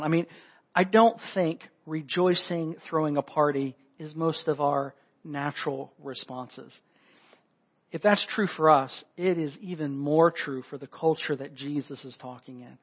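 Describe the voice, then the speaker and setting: A husky, slightly high-pitched male pastor delivering a sermon, animated, leaping up in pitch as he acts out the voices in the story. The audio is dull and lo-fi. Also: normal speed.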